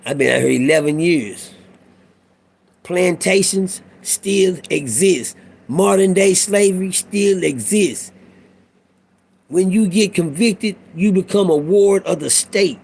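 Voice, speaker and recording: A man's voice: high voice, slow, creaky, a little mellow, breathy edge. A middle-aged man talking in a casual monologue, telling a profane, preachy prison story in street talk. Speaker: vlogger.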